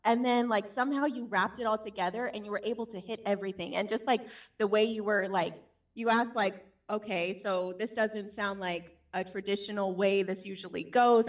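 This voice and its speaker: A woman's voice: medium pitch, recorded from a distance. A chatty woman gives casual feedback on a sales call over a video call. She sits a little back from the mic, and the sound is dull and lo-fi. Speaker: judge scoring a sales call.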